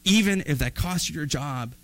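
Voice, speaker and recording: A male pastor preaching a sermon in an animated, conversational way with playful asides. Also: fairly high pitch, moderate pace, poor audio.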